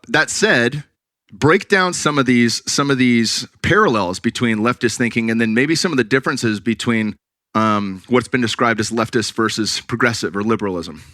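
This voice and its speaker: A man's voice: mid-range voice, sharp tone, no echo, clean studio sound. A man from the California Bay Area hosting a podcast, talking casually and bluntly and swearing freely. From California Bay Area, USA. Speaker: podcast host.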